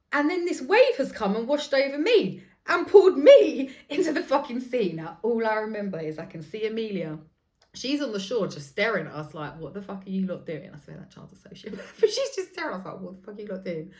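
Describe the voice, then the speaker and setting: Swearing freely and laughing easily, a podcast host in her thirties tells an animated story as a relaxed monologue. Her voice is fairly high-pitched.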